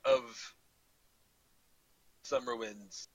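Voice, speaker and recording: A man's voice: medium pitch, steady tone, drawn-out words, husky, no echo, rough recording. A man voicing a prickly, bearded female dwarf researcher in a put-on Scottish accent, grumbling and dismissive. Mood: gruff.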